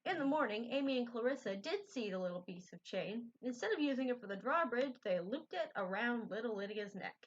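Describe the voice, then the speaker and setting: A woman reading a children's book aloud in a gentle, unpolished way, correcting her own slips. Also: fairly high pitch, expressive, a little fast, few pauses, a little hiss or hum. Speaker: storybook reader. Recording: dull lo-fi recording.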